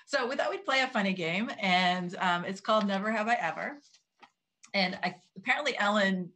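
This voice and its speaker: A woman's voice: mid-range voice, expressive, moderate pace, pushed and bright, slight background noise. A woman co-hosting a podcast in casual chat, talkative and self-deprecating, often restarting her sentences. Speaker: podcast co-host.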